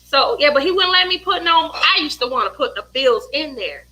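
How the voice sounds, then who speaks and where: A middle-aged woman hosting a craft chat, telling family stories in a lively way with lots of laughter and acted-out voices. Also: high voice, a little fast, low-quality recording. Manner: animated storyteller, acts out voices, laughs often. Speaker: craft livestream host. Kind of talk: casual chat while crafting.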